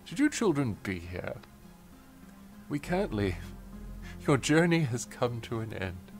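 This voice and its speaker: A man reading a foreign mall maintenance man's broken-English lines flatly, in his own voice. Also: medium pitch, takes it slowly, soft background music. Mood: deadpan.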